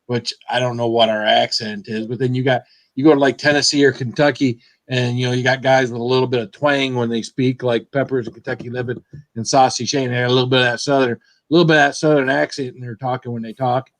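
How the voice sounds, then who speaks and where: A man's voice: medium pitch, fairly even intonation, fast, no room sound. A man from Michigan hosting a casual video chat, talking in a rambling, chatty way that repeats itself. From Michigan, USA. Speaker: channel host.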